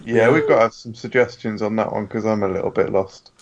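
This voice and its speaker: A man's voice: fairly low pitch, a little fast, highs cut off, background noise. A man chatting casually as a podcast guest, wry and wordy, laughing often. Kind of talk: casual chat.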